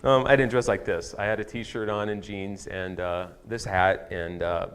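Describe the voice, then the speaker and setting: A man's voice: lowish voice, steady tone, moderate pace, a bit bright, clear, resonant tone. A man preaching a sermon as pastor, telling a candid personal story with a self-deprecating touch. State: tearful at times. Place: church sanctuary.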